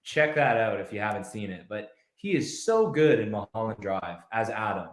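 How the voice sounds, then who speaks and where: A man's voice: fairly low pitch, sing-song, normal speed, reverberant. A man guesting on a podcast, chatting enthusiastically about films and acting out scenes. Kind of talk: casual film chat.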